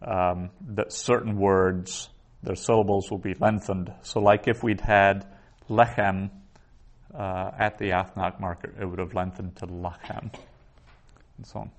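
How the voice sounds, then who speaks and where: Patient, lower-voiced male teacher. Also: level tone, unhurried. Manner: patient, explains step by step with frequent ums and restarts. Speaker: Hebrew teacher. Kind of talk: classroom lecture. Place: classroom.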